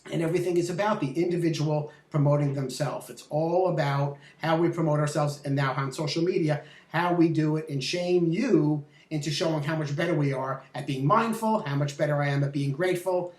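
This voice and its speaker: A middle-aged host talks loosely and thinks aloud, stumbling into restarts and filler words. The voice sits at a middle pitch. It sounds set back from the microphone, with a roomy echo. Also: fairly quick, hardly any pauses, a little mellow. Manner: rambling, with restarts and "uh". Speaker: interview host. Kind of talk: conversational interview. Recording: echoey, distant from the mic.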